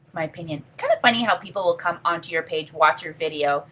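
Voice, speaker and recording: Quick and lively in intonation, this middle-aged livestream host has a fairly low but slightly bright voice, with a bit of hiss or hum in the audio. She answers viewer comments casually, rambling earnestly and sincerely and frequently saying "you know."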